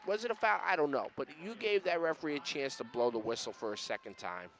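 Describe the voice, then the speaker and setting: A man's voice: fairly high pitch, expressive, quick pace, some chatter behind. Emphatic male color commentator. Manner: emphatic, coaching-minded analysis, repeats key points. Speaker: color commentator and former coach.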